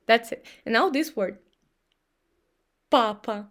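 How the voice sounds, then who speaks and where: A young woman with a Russian accent gives a pronunciation lesson in a high, bright register. She takes her time, demonstrating each sound and syllable slowly so learners can echo her. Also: expressive. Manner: slow, demonstrative, models sounds and syllables for repetition. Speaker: language teacher.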